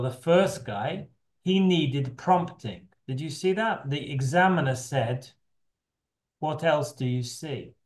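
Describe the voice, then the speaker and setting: A middle-aged man leading an online teacher training session, talking loosely with frequent restarts over a video call. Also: fairly high pitch. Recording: echoey room on a video call.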